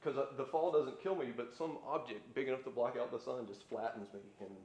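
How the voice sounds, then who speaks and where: A man voicing a plumber who excitedly recounts how he died. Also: mid-range voice, a little fast, a little hiss or hum, lightly acted. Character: male plumber recounting his death, breathless. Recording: roomy live stage sound.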